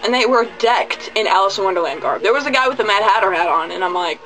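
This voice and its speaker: A man's voice: high voice, expressive, quick pace, sharp tone, poor audio. A man giving a casual spoken movie review, chatty, goofy and full of profanity. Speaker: video reviewer.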